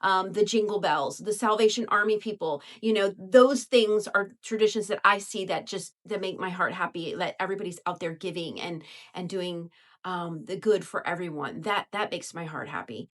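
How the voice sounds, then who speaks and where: A woman's voice: fairly low pitch, moderate pace. A woman in a casual podcast chat, speaking in a heartfelt, earnest way.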